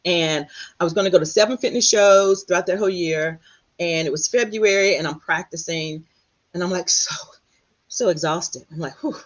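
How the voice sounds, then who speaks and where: A middle-aged woman's husky voice comes through a dull, lo-fi recording. She tells her story as a guest, bringing it to life by acting out what other people said. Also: on the low side, normal speed. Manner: animated, quotes others in lively voices. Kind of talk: storytelling in conversation. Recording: dull lo-fi sound.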